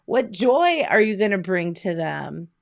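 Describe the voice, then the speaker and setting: A woman business coach giving a motivational online talk from home, energetic and conversational, firing off rhetorical questions. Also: mid-range voice, a little slow, vocal fry.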